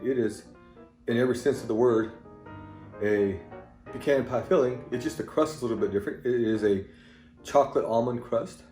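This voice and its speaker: A man's voice: mid-range voice, dark tone, roomy sound. Folksy Southern man demoing a recipe. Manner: folksy plain-talking, rambling asides. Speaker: home cooking video host. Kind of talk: casual cooking demonstration.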